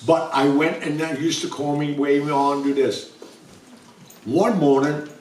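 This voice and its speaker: A man's voice: fairly high pitch, fairly even intonation, measured pace, darkish tone, a little hiss or hum. An older man, a chatty storyteller acting out the dialogue for a live audience at a bookstore event. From New York. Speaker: author guest speaker. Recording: roomy sound from a distant mic.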